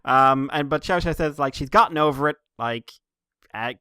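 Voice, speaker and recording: Smooth-voiced man on a podcast. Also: fairly high pitch, moderate pace, bright, forceful tone, dry recording, studio quality. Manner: rambling, laughing, with jokey quoted voices. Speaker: podcast co-host. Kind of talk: casual chat, recapping comics.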